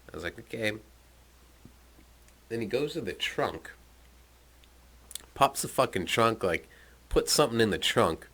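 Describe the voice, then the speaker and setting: Deep-voiced man telling a profane story. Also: sharp tone. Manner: laid-back, swearing, chuckling asides.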